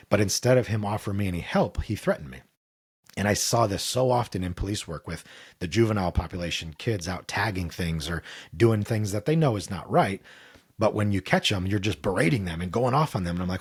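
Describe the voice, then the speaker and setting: A middle-aged man speaks in a deep, somewhat husky voice as a guest on an interview show. He tells his own story candidly and earnestly, slipping into the voices of the people he quotes. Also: fairly quick. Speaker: podcast guest.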